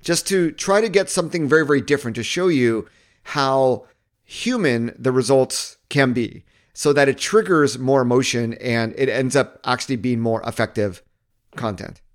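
A man's voice: medium pitch, moderate pace. Chatty man walking through a tool. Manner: loose, chatty, thinking aloud with fillers. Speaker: marketing video host. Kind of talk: casual screen-recording walkthrough.

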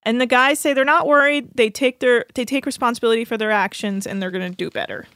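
A woman's voice: a little high, fast talker, fairly bright tone, no echo. A woman co-hosting a podcast, chatting casually as she recaps episodes and laughs along. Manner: chatty, laughs often, quotes people in passing. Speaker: podcast co-host.

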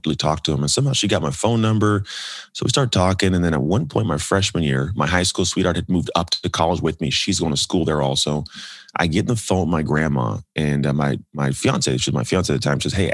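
A man with a low, slightly husky voice talks quickly and animatedly, telling a personal story as a podcast guest. He slips into other people's voices as he quotes them. The sound is close and dry. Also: no room sound. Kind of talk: storytelling in a casual interview.

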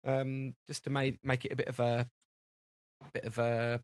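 Dry recording carries the mid-range, flatly delivered voice of a British man who co-hosts a podcast. Speaking at a moderate pace, he wanders through everyday anecdotes in relaxed conversation, performing the lines of dialogue.

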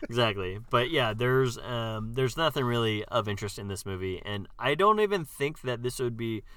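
A man's voice: medium pitch, animated, moderate pace, a bit bright, smooth. A man co-hosting a podcast, chatting casually about a film with jokes and blunt verdicts. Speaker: podcast co-host. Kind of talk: casual film review chat.

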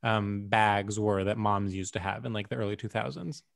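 A man's voice: lowish voice, fairly even intonation, gravelly. Rambling, jokey man co-hosting a podcast. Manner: rambling, jokey, quick to laugh. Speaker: podcast co-host. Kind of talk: casual podcast chat.

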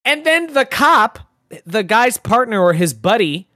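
A woman's voice: a little high, a little slow, no room sound, studio quality. A woman co-hosting a movie podcast in casual chat, acting out scenes and swearing. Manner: animated, acts out scenes, profane. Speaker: podcast co-host.

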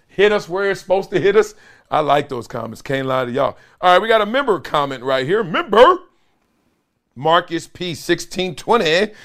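A man's voice: high-pitched, fairly bright tone. A middle-aged man hosting a sports talk show, reading viewer comments aloud with playful hype chants and frequent laughter.

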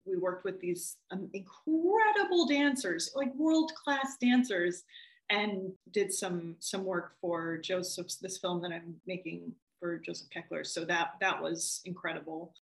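A woman film director talking casually in an interview, animated and laughing as she acts out what people said. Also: on the low side, measured pace, reverberant, low-quality recording.

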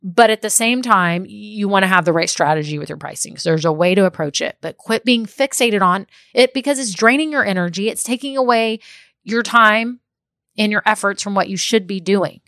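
A woman's voice: medium pitch, moderate pace, gravelly, fairly bright tone, dry recording, clean studio sound. Upbeat, emphatic woman business coach. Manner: emphatic and upbeat, repeats key phrases, checks in with "okay?". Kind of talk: motivational direct-to-listener talk.

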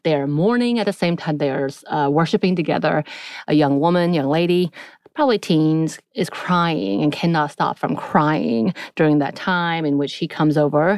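A woman hosting a podcast, retelling a TV episode in a chatty, animated way and acting out bits of dialogue. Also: deep voice, moderate pace, no room sound, studio quality. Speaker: podcast host. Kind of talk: casual episode recap.

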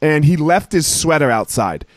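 A man hosting a casual podcast and telling an animated story about his kids. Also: fairly high pitch, moderate pace, dry recording. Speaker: podcast host.

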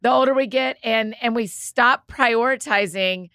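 Woman, bright slightly high voice with some fry, eager chatty podcast guest. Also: normal speed, no room sound, clean studio sound. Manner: enthusiastic, explanatory. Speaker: guest author. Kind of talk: casual podcast conversation.

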